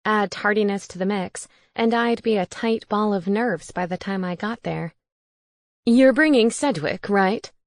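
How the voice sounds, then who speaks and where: A woman narrating a cozy mystery audiobook in an even, soft-spoken way. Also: mid-range voice, moderate pace, hardly any pauses, no room sound, studio quality.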